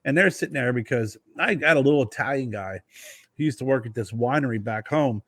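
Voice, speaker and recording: A man co-hosting a laid-back podcast, recorded close and dry with no room sound. His voice sits at a medium pitch, and he tells his stories with animated energy and offhand swearing. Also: brisk, dry recording. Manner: animated storyteller, peppers speech with mild swearing. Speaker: podcast co-host. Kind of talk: casual chat.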